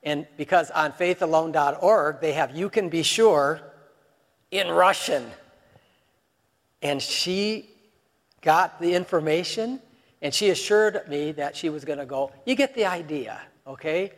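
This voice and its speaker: High-voiced preacher in a reverberant hall. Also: male voice, unhurried. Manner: conversational, peppered with rhetorical questions. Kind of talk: sermon.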